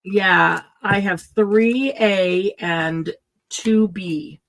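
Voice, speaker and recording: A middle-aged woman runs a live craft supply sale, chatting casually and thinking aloud as she prices items. Her voice is medium in pitch, a bit bright, and she speaks extremely slowly.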